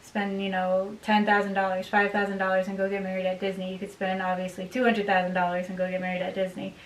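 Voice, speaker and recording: A woman's voice: medium pitch, completely flat delivery, fast talker. Chatty woman, roomy distant sound. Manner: chatty and upbeat, laughs often. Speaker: vlogger, bride. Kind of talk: casual chat to camera. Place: home room by a desk. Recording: roomy, distant mic with faint hiss.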